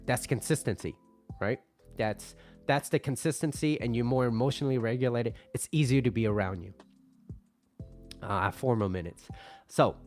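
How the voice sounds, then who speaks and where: A man talking through relationship advice in a loose, conversational way, often ending lines with "right?". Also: mid-range voice. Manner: acts out angry customers in mock voices. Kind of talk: casual advice monologue.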